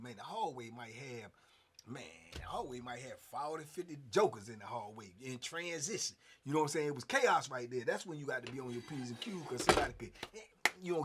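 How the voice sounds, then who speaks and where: A man in his fifties telling a story casually, animated, with punchy sound effects and frequent fillers. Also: mid-range voice, slightly rough. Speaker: host.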